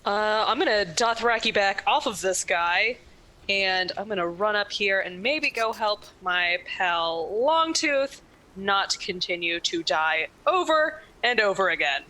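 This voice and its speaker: A woman's voice: medium pitch, animated, unhurried, sharp tone, rough recording. A woman playing a tabletop game, upbeat and joking about her turn. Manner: jokey, upbeat. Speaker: player. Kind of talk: casual tabletop play.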